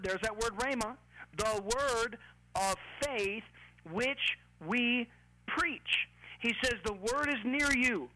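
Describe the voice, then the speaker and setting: A pastor preaching a sermon in a church, emphatic and deliberate, with much repetition. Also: mid-range voice, sharp tone, slight background noise, rough recording.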